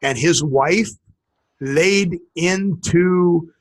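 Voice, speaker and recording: A man co-hosting a casual talk show, telling stories in a rambling, animated way. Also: sits high, drawn-out words. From western United States. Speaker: podcast co-host. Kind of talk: casual chat.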